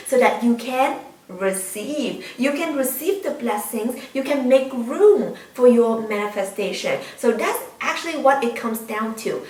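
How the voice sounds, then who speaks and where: A woman hosting her own channel, giving earnest spiritual guidance and addressing viewers directly, repeating key words for emphasis. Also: a little high. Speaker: tarot reader and spiritual channel host. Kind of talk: spiritual guidance talk to camera. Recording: roomy echo, mic at a distance.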